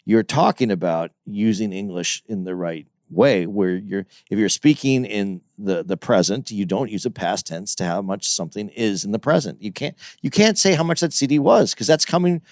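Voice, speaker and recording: A man's voice: lowish voice, expressive, moderate pace, few pauses, a little mellow, no room sound, studio quality. A man co-hosting a podcast in casual discussion, explaining his point at length and restarting sentences as he thinks it through. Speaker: podcast co-host.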